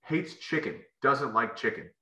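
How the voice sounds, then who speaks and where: A man's voice: medium pitch, measured pace, pushed and bright. A man, a former football player, telling rambling stories as a podcast guest, with many fillers and restarts. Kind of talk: casual storytelling interview. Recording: echoey room.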